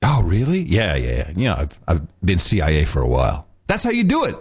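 A man co-hosting a podcast, bantering in a jokey, animated way and slipping into mock voices. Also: low voice, a little fast, breathy edge. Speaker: podcast co-host. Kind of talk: casual banter.

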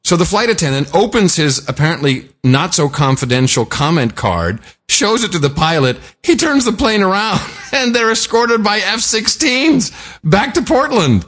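A man's voice: high-pitched, big pitch swings, normal speed, fairly bright tone. A man co-hosting a talk podcast, telling stories in a joking, casual way with frequent laughs. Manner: joking, storytelling, laughs often. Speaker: podcast co-host. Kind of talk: casual chat.

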